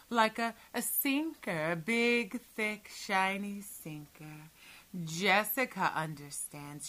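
A woman in a whispered role-play speaks with a slightly low, tense, bright voice. She draws out each soothing, commanding instruction at a very slow pace. Her voice often slips into breathy whispers. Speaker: hypnosis audio performer.

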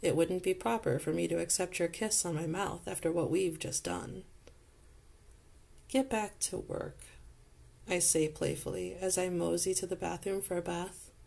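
A woman narrating an intimate second-person audio role-play in a soft, slow, close manner. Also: lowish voice, steady tone, vocal fry.

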